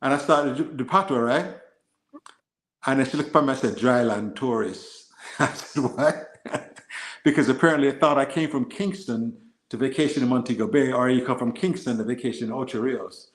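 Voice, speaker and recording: A Jamaican-born man speaks with an American accent in relaxed podcast talk. He spins stories, slips into other accents, and laughs as he goes. His voice sits mid-pitch and carries a roomy echo. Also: a little fast. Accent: American with Jamaican traces. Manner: storytelling, mimics accents, laughs often. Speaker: guest. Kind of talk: casual podcast chat.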